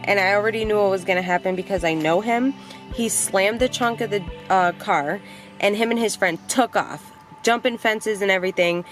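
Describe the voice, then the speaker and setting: A young woman tells a story from her own life on her vlog, in a voice of middling pitch. She talks plainly and bluntly and swears without a second thought. Faint music plays behind her. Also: normal speed. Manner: animated, blunt, swears freely. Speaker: vlogger.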